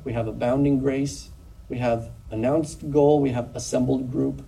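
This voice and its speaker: A man preaching a sermon in an earnest, measured way, with pauses. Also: mid-range voice, creaky, dark tone, breathy edge, distant mic, poor audio. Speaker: pastor.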